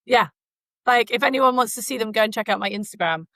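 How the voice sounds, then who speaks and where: On a dry recording, a woman with a high-side voice and sharp tone talks at a quick pace. She's co-hosting a podcast in Canada, rambling chattily through stories with frequent fillers.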